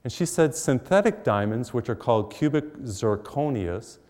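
A man's voice: mid-range voice, lively intonation, moderate pace, darkish tone. A middle-aged man preaching a sermon, telling stories in a conversational, humorous way. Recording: long hall reverb.

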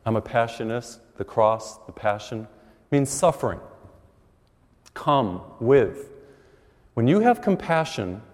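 A middle-aged man, a priest, preaching a sermon with animated storytelling. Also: mid-range voice. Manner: animated storytelling with acted quotes. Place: large church. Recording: long church reverb.

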